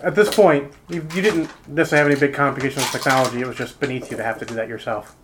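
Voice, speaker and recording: A man's voice: medium pitch, fairly even intonation, racing, background noise. A man running a tabletop role-playing game as game master, explaining rules and joking with the players.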